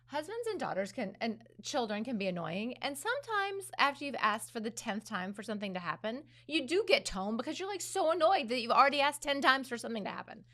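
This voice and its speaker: A woman's voice: a little high, fairly bright tone. A middle-aged woman co-hosting a casual conversation, chatty and self-deprecating, laughing often. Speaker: podcast co-host, daughter-in-law.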